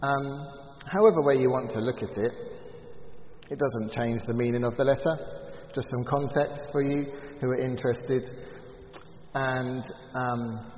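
A man's voice: mid-range voice, slight background noise. A man teaching a Bible study class in an earnest, emphatic way, with frequent ums and restarts. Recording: echoey hall, slightly dull sound.

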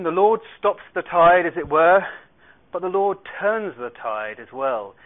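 A man's voice: high voice, very animated, measured pace. A man leading a Bible study, reading verses aloud and explaining them with light asides. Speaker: Bible teacher. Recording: tinny phone-like radio sound.

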